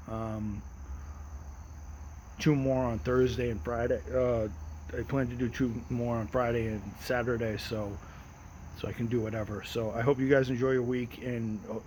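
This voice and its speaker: An American man hosting his own show, talking outdoors in a relaxed, rambling way with many restarts. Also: mid-range voice, a little hiss or hum, poor audio. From United States. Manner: rambling and repetitive, frequent restarts; relaxed and unhurried. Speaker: host of his own daily audio show. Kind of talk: casual personal monologue. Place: outdoors at night.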